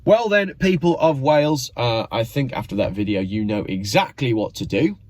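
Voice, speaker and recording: A man's voice: mid-range voice, animated, normal speed, a little mellow, no echo. A man hosting his own channel, giving sarcastic, mock-exasperated commentary. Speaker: channel host.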